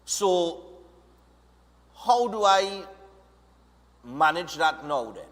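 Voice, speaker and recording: A Trinidadian man hosts a casual chat in a slightly high voice, often checking in with "right?". His voice carries a lingering reverb. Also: expressive, drawn-out words, fairly bright tone. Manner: conversational, tags lines with "right?". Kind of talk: casual talk show chat. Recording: reverberant room.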